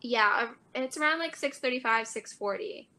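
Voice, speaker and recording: A young woman with a bright, fairly high voice chats on a podcast. She giggles often and keeps an upbeat, easy tone. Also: normal speed, rough recording. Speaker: podcast co-host. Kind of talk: casual chat.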